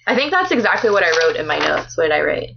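A woman co-hosting a casual book podcast, chatty and quick to laugh, often reading from her notes. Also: low voice, sing-song, creaky, muffled recording, background noise. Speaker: podcast co-host.

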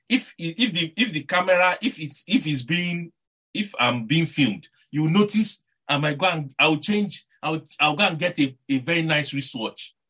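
A man with a Nigerian accent and a slightly high, husky voice preaches a sermon. He is animated and rhetorical, repeating words often and asking his listeners "eh?"

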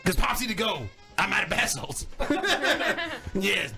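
A man making crude prank phone calls and joking loudly with friends. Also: high voice, big pitch swings, slow, vocal fry, over music. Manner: loud, crude, often shouting. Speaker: prank caller. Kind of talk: prank call banter with friends.

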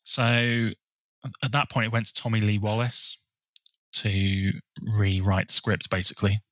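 A man co-hosting a podcast, chatting casually about a film and sharing bits of research in a relaxed way. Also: on the low side, a little slow, dry recording, poor audio. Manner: relaxed, shares researched trivia. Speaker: podcast co-host.

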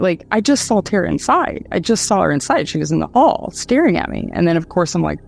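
A woman from Ohio, a guest telling a personal story in a halting way, with many fillers, restarts and nervous laughs. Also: on the low side, big pitch swings, creaky, a little mellow. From Dayton, Ohio, USA. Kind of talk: casual storytelling.

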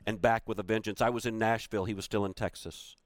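A man's voice: lowish voice, steady tone, fast talker, dry recording, studio quality. A man giving a motivational keynote. He tells a personal story with emphasis and repeats key phrases for weight. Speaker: motivational speaker.

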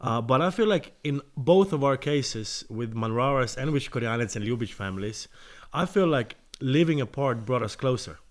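A man's voice: medium pitch, normal speed. A man from Slovenia, co-hosting and steering a reflective family conversation. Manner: steady, reflective, leads the conversation. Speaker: podcast co-host.

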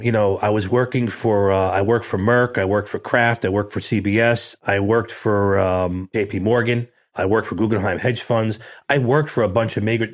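A middle-aged man, a guest in a casual interview, telling a story with blunt, streetwise talk and acting out the dialogue. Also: on the low side. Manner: animated storyteller who acts out quoted dialogue.

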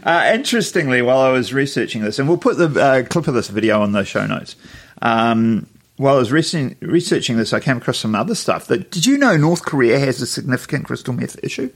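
A man's voice: mid-range voice, very animated, a little fast, gravelly. A man co-hosting a casual podcast, laughing often and reading a news story aloud with plenty of ums. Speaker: podcast co-host.

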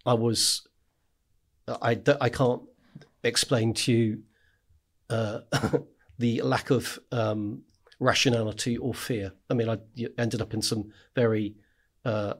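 A man's voice: medium pitch, flat delivery, slow, long pauses. A man, a war correspondent, telling stories in a casual podcast chat, with frequent "right?" asides and laughing as he talks.

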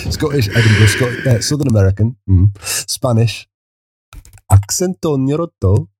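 Man host with a very husky voice. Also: medium pitch, a little fast, a little mellow, no echo, low-quality recording. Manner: teasing, reads a list aloud. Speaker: podcast host. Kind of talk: casual chat.

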